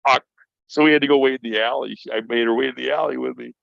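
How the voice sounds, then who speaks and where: A man's voice: mid-range voice, fairly even intonation, fast talker, creaky, dry recording. A middle-aged man, stoned, telling a rambling, profane story in casual chat as a podcast guest. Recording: dull lo-fi sound.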